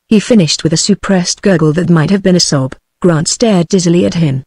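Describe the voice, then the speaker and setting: A synthetic British female text-to-speech voice narrating an audiobook in a flat, even reading. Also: on the low side, brisk, few pauses, breathy edge, no room sound, clean studio sound. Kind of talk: scripted narration.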